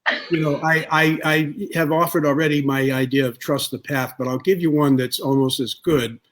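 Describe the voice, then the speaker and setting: Unhurried man telling an anecdote. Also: on the high side, fairly even intonation, fairly bright tone. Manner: unhurried, thoughtful, many "uh" pauses. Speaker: guest author. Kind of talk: relaxed storytelling in an interview.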